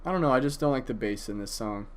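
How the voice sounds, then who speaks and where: A man's voice: medium pitch, lively intonation, fast. A man casually reviewing an album, enthusiastic and profane, with frequent hesitations and fillers. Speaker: music reviewer.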